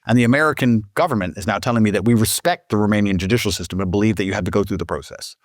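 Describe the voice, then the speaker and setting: A man telling a story in a monologue, animated and profane, acting out other people's lines. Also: on the low side, racing, hardly any pauses, dry recording, studio quality. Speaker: public figure in a played clip.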